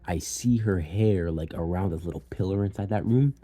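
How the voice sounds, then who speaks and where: A man's voice: deep voice, normal speed, mellow. A young man telling a personal story in a loose, casual way, swearing freely and filling gaps with "like" and "you know.". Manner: loose and profane, with many fillers.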